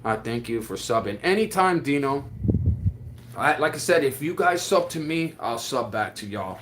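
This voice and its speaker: Man, casual livestream, excitable, slangy, restarts a lot, mid-pitched, faint hiss. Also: normal speed. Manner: excitable, reads viewer comments aloud; drawling slang with frequent restarts.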